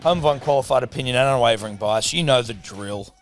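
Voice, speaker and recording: A man's voice: medium pitch, fast talker, soft background music. An Australian man co-hosting a podcast, trading sarcastic, mock-exasperated banter in casual chat. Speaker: podcast co-host.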